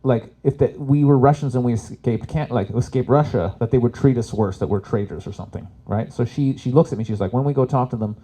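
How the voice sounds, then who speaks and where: A man's voice: mid-range voice, fairly quick, few pauses, warm tone. A man in his forties from Canada doing chatty stand-up comedy as a workshop host. He swears freely and laughs at his own jokes. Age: 40s. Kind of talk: live stand-up comedy talk.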